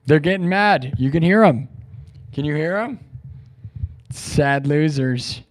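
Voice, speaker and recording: A male live streamer giving a boastful, repetitive pep talk to his chat. He swings between loud declarations and quiet musing. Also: a little high, animated, slow. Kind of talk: livestream sign-off pep talk.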